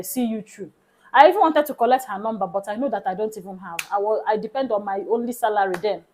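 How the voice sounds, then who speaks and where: A Nigerian woman vlogger recounting a personal story in casual talk. She is animated and slips into soft hushed tones. Her voice sits somewhat high. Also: rough recording.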